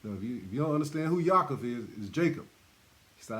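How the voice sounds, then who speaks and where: A man's voice: mid-range voice, animated, quick pace, fairly bright tone. A man teaching scripture in a sermon style, repeating points emphatically and laughing between them. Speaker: bible teacher. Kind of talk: sermon-style bible study.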